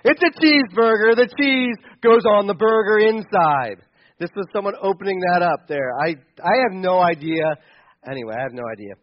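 A man's voice: high voice, animated, normal speed, dull audio. A man giving sarcastic, exasperated comedic commentary on pictures, chuckling as he goes.

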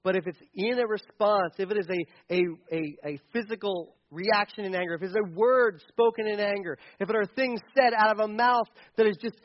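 A man's voice: sits high, moderate pace, hardly any pauses, muffled recording. A middle-aged man preaching a sermon to a congregation, earnest and emphatic, repeating key phrases. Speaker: pastor.

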